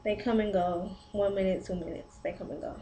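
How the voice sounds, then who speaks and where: A pregnant teenage girl tells a rambling story to her camera, leaning on "like" over and over. Her voice is mellow and a little dark, never sharp. A faint hiss of room noise sits underneath. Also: medium pitch, brisk, low-quality recording. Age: 17 to 19, teen. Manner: rambling, animated retelling with many "like" fillers. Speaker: vlogger. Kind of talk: casual storytelling vlog.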